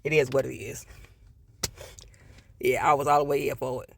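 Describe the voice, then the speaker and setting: A man's voice: mid-range voice, little pitch movement, moderate pace, gravelly, a little hiss or hum. A man giving a casual, blunt TV episode review, swearing freely and repeating his points for emphasis. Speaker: TV show reviewer.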